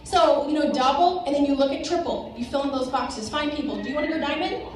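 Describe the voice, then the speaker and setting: A woman rallies a crowd from a stage, her voice high and emphatic as she urges them on. She is heard from a distance, with heavy echo filling the big hall and a faint hum of room noise behind her. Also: quick pace. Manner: rallying, emphatic, addresses crowd directly. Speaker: motivational speaker at a sales event. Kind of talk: motivational stage speech. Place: large event hall. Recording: echoey hall recorded from far off.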